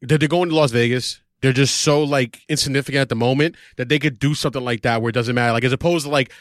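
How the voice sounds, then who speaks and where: A man's voice: mid-range voice, fairly even intonation, quick pace, no echo, studio quality. A man hosting a podcast in casual chat, rambling with fillers and restarts. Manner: rambling, lots of fillers and restarts, playful impressions. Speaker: podcast host.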